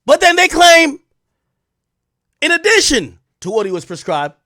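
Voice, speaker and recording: Man, streamer host, animated storytelling, fairly high voice, very lively pitch, dry sound. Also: measured pace, no room sound. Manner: animated, profane and excitable, swinging between loud outbursts and mutters. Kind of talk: casual storytelling on a live stream.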